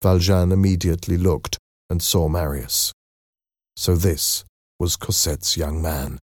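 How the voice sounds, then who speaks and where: A man narrating a story in a slow, expressive reading style. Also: deep voice, dry recording, clean studio sound.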